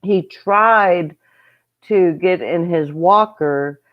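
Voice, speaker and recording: Woman, homestead host, casual livestream chat, rambling, slow-paced, muffled lo-fi audio. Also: lowish voice. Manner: chatty, rambling, greets viewers mid-story.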